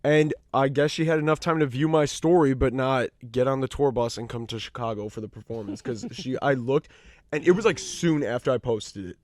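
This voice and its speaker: A man's voice: mid-range voice, brisk, darkish tone, dry recording, studio quality. A man co-hosting a casual podcast, telling chatty anecdotes and laughing often. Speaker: podcast co-host. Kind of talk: casual chat.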